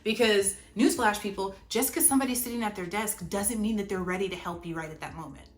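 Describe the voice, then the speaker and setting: A young woman telling a storytime vlog, animated and chatty, with lots of "like". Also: medium pitch, fast. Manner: animated, chatty, heavy use of "like". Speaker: vlogger. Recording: roomy echo, faint music. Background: faint background music.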